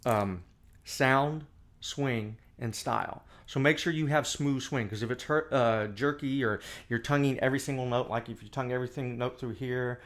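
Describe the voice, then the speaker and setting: A man's voice: medium pitch, moderate pace, fairly bright tone. Man teaching music, scatting lines. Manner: scats melodies with nonsense syllables. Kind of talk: casual instructional talk. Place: indoor room, camera on tripod.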